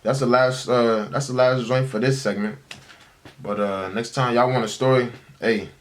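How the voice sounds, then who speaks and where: A man's voice: mid-range voice, fairly even intonation, moderate pace. A young man in his twenties telling casual stories to the camera in a laid-back, slangy way. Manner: laid-back, slangy, addresses listener as bruh. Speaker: storyteller. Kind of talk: casual storytelling vlog.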